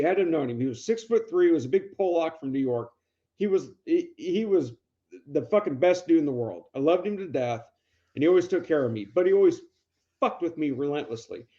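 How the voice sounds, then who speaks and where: A podcast co-host tells casual, profane stories in a chatty storytelling session, acting out the dialogue. His voice is high and warm, though the recording sounds muffled.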